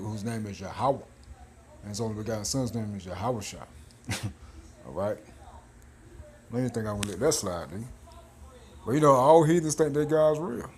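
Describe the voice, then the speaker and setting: A man's voice: lowish voice, darkish tone. A man hosting a religious commentary video, talking bluntly and preachily in informal slang between clips.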